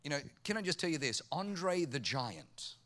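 A pastor from Germany preaches with animated storytelling, voicing the people in his tales himself. His voice leans high and he talks at a normal speed.

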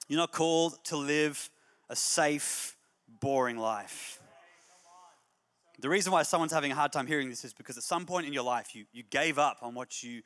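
A man preaching a humorous, energetic sermon as a pastor, moving between jokey stories and emphatic exhortation. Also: mid-range voice, in a large hall. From Australia. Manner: animated storyteller, jokey then emphatic and exhorting.

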